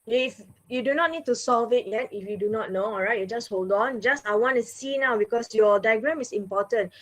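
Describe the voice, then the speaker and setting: Woman math teacher, patient and repetitive, slightly high voice, online class. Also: a little fast. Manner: patient, repeats "all right" and "okay" often.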